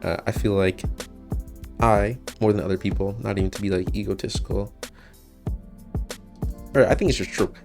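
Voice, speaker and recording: A man's voice: on the low side, steady tone, normal speed, long pauses, music in the background. A man of twenty-one from the United States, rambling casually to camera in a vlog, swearing often and breaking into laughter. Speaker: vlogger.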